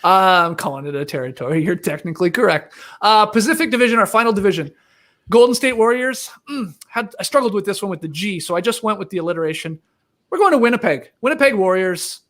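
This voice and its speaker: A man's voice: high voice, expressive, quick pace, a bit bright. A man hosting a casual sports chat, joking and reeling off trivia. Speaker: podcast host.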